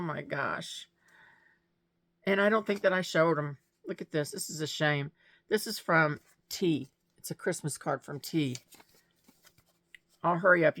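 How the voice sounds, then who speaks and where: Chatting casually to camera, a vlogger opens her mail and gifts, gushing and laughing often. Her voice is medium-pitched, gravelly, and a bit bright, with no room sound.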